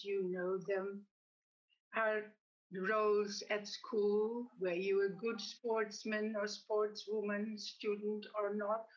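A woman giving a reflective talk in a measured, gently explanatory way. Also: medium pitch, muffled recording. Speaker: speaker. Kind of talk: reflective talk with a told joke.

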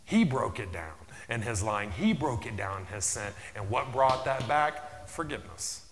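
A man preaching a sermon as pastor, repeating his phrases, dropping in "amen" often, and building to loud, emphatic peaks. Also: mid-range voice, sing-song, moderate pace, gravelly, slight background noise. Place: church sanctuary. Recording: long reverb of a large hall.

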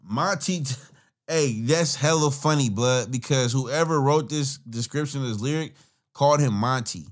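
A man's voice: mid-range voice, moderate pace. A man hosting a podcast, giving casual, profane, rambling commentary on songs and laughing often. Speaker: podcast host reacting to music.

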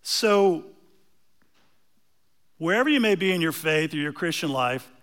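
A man preaching a sermon, telling a story with animated emphasis and asides to the congregation. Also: a little high, unhurried.

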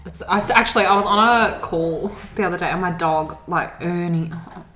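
Lower-voiced Australian woman, echoey room. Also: normal speed, a bit bright. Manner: chatty, laughing, frank with mild swearing. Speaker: podcast co-host. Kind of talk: casual chat.

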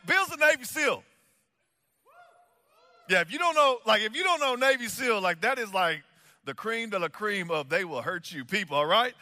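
A high-pitched man preaches with a bright, sharp tone, chatty and full of fillers. His voice carries a long reverb through a big church hall. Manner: animated, chatty, many fillers. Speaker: pastor. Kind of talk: sermon with storytelling.

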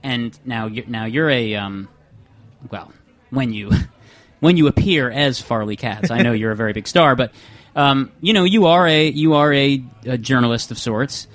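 A young man in his twenties hosting a casual comedy podcast, rambling and swearing with halting restarts. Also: medium pitch. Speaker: podcast host.

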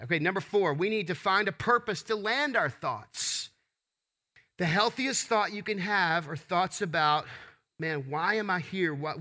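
A man's voice: a little high, bright, forceful tone. A man preaching a sermon as pastor, asking rhetorical questions and calling for responses from the congregation.

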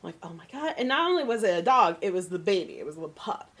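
A woman's voice: on the low side, big pitch swings, very fast, fairly bright tone. A woman co-hosting a podcast, telling a long story in a chatty, rambling way and laughing often. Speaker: podcast co-host. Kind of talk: casual chat, storytelling.

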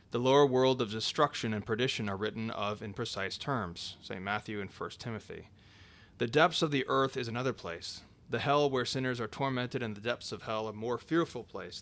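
A man reading an old sermon aloud in a measured, solemn way, dropping his voice for each scripture citation. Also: mid-range voice, fairly bright tone. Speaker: reader.

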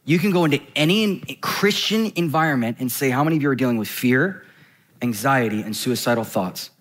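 A man preaching a sermon in a conversational, animated way, slowing down to read scripture and speeding up for quick asides. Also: mid-range voice. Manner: animated, swings between slow scripture reading and quick asides; conversational, frequent "right?" and "like".

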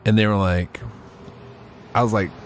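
This forties-aged podcast host talks loosely and self-deprecatingly, swearing as he rambles into a close-held mic in front of his face. He has a fairly low, steady voice and speaks at a normal speed.

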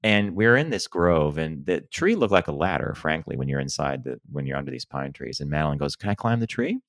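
A middle-aged man co-hosting a casual chat show, telling stories with animated acted-out quotes. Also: rumbling low, a little fast, creaky, no echo, clean studio sound. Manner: animated storyteller, acts out quotes. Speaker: podcast co-host.

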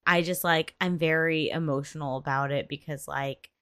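A woman's voice: sits low, moderate pace, clean tone, no echo. Emotional woman chatting in a dry room. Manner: emotional, animated, many fillers. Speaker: podcast co-host. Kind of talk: casual recap chat.

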